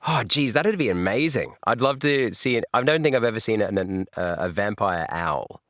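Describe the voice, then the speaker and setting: An Australian man hosting a live reaction stream, jokey and laughing often. His lowish voice swings widely in pitch, and the sound is dry and close. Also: lively intonation, moderate pace, a bit bright, no room sound.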